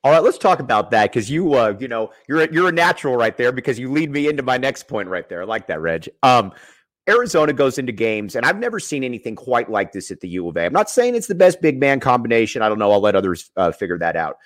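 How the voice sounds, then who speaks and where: A man's voice: mid-range voice, sing-song, quick pace, no echo, clean studio sound. A man hosting a sports podcast, talking enthusiastically and rambling a little as he sets up his questions. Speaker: podcast host.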